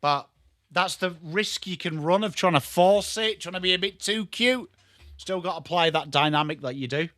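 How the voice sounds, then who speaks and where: A man with a strong Yorkshire accent giving live football watchalong commentary, excitable and sweary, chatting to viewers by name. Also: high voice, normal speed, no echo, clean studio sound. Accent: Yorkshire English. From Yorkshire, England. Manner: excitable, sweary banter addressed to chat viewers. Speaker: watchalong streamer.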